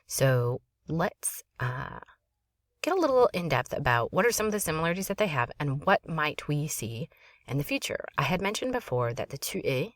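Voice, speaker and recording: A woman French teacher giving a quick, chatty grammar lesson, with frequent fillers while she explains. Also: low-pitched, very animated, dry recording, studio quality. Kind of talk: recorded language lesson. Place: small closet at home.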